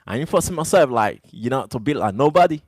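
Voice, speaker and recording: A man's voice: medium pitch, very animated, quick pace, darkish tone, husky, dry recording. A man who is not a native English speaker, livestreaming and ranting defiantly back at his chat, repeating "brother" and "you know". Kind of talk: live stream rant to chat.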